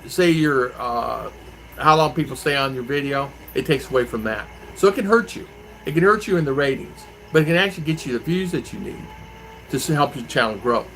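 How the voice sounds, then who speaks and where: A man's voice: fairly high pitch, pushed and bright, a little hiss or hum, low-quality recording. A man from Arizona, hosting a casual live stream and answering viewer comments in a rambling, chatty way. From Arizona, USA.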